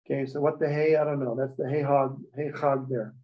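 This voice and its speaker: A man's voice: medium pitch, level tone, a little fast. A man teaching a Hebrew class, explaining step by step and checking in with the students. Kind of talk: classroom lecture. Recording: dull lo-fi recording.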